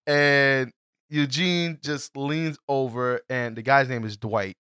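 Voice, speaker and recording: Man, co-host, animated, crude humor, bright voice, dry recording. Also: mid-range voice, slow, smooth, dry recording. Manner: animated, laughing, crude jokes. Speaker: podcast co-host. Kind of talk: casual TV episode recap.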